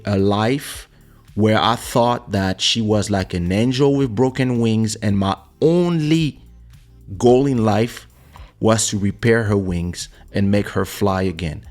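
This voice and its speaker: A male host telling a personal story on a streamed talk show. He speaks at an average pitch for a man and keeps it casual, slipping into quoted voices as he goes. He is recorded close on a studio microphone, with faint music underneath. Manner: animated, acts out quoted voices. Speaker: podcast host.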